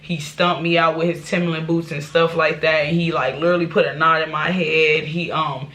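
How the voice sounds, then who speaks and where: A woman's voice: sits low, flat delivery, a little fast, fairly bright tone, slight background noise. A woman vlogger telling a personal life story to her viewers, candid and rambling, with restarts and asides. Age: adult.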